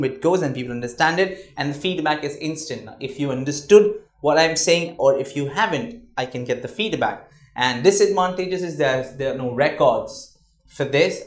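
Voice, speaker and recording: A man's voice: mid-range voice, reverberant. A man teaching a communication class in a conversational way, often checking in with "all right?". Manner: conversational, repeats words, asks "all right?". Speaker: communication trainer. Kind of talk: classroom lecture.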